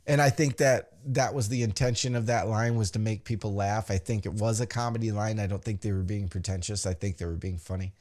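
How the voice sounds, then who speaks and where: A man's voice: lowish voice, brisk, few pauses. A man hosting a podcast, recapping a wrestling show in a casual, profane way and acting out the quotes. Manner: animated, acts out quotes in put-on voices, swears freely.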